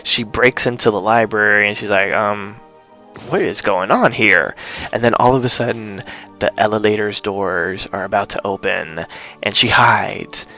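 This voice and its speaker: A man co-hosting a podcast, casually recapping a TV episode and acting out the characters' lines in quick, playful voices. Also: fairly low pitch, fairly even intonation, pushed and bright, faint music behind. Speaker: podcast co-host.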